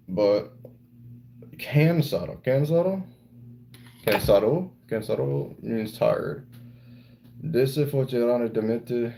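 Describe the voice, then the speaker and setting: Playful streamer man, lowish voice. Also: vocal fry, darkish tone, a little hiss or hum, poor audio. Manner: playful, rambling, mixes broken Spanish into English. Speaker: livestreamer reading chat. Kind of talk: casual live-stream chat.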